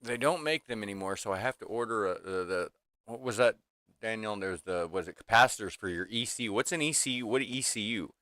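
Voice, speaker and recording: A man's voice: fairly low pitch, animated, brisk, sharp tone, dry recording, clean studio sound. A man in his fifties venting casually to his livestream chat in a rambling way, full of restarts and fillers, from a small home workshop room. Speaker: livestream host.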